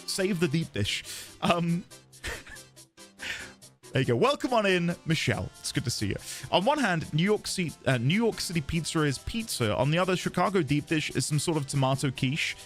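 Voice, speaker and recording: British man, game streamer, casual chat, animated, soft game music behind. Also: a little high. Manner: chatty, self-deprecating, quick to laugh.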